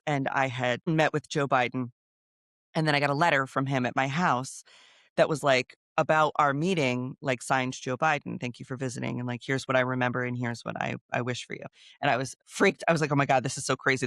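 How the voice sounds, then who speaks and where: A woman's voice: low-pitched, fairly bright tone, dry recording. Chatty woman telling a story, dry sound. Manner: chatty, fast, with quoted voices and laughs. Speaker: guest, news creator. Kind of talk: casual storytelling interview.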